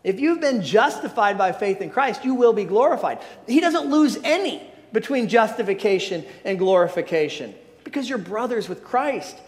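High-voiced man preaching in a reverberant hall. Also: lively intonation, normal speed, hardly any pauses. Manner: earnest, emphatic preaching with frequent restarts. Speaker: pastor. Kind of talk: sermon.

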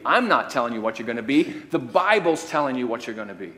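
A male preacher delivering a sermon, swinging from quiet, low statements to loud, emphatic declarations. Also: lively intonation, fast, hardly any pauses. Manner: varies loudness, rising to emphatic declarations and dropping low. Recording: long hall reverb.

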